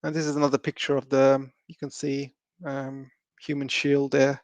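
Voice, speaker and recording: A man's voice: mid-range voice, monotone, moderate pace, no echo. A man hosting a live stream, talking loosely with many ums and restarts.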